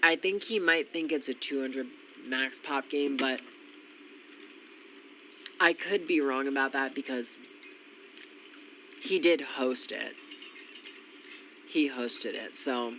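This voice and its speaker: A tired, congested man talks through a strategy match in a slow, unhurried way, thinking aloud and filling pauses with ums. His voice is bright and forward, with a little faint noise behind it. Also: mid-range voice, low-quality recording. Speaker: strategy game commentator. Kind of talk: casual gameplay commentary.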